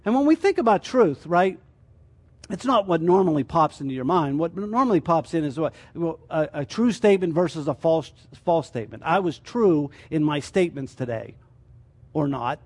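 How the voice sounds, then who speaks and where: A man's voice: a little high, lively intonation, normal speed, a little mellow. A man teaching a sermon as a church teacher, explaining his points through rhetorical questions.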